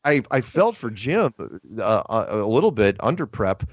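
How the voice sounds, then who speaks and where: A man chatting casually, telling an animated story that is full of restarts and quoted lines. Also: fairly low pitch, normal speed, no echo. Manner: animated storytelling, quoting others, many restarts. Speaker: podcast host. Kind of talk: casual chat. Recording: dull lo-fi audio.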